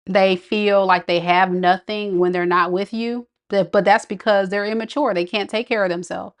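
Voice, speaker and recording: A woman's voice: mid-range voice, steady tone, normal speed. A woman giving a live tarot reading, talking casually and reacting to viewer comments. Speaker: tarot reader.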